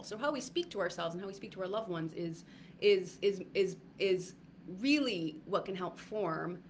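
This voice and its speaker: A woman's voice: fairly low pitch, fairly bright tone, slight background noise. A woman giving a casual livestream talk to viewers, rambling with many fillers and restarts. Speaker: wellness retreat speaker.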